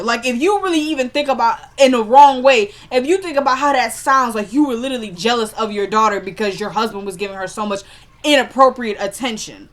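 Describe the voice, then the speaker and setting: A woman's voice: fairly high pitch, fairly quick. A woman chatting casually as she recaps a TV episode, retelling scenes line by line with lots of "like" and "he goes.".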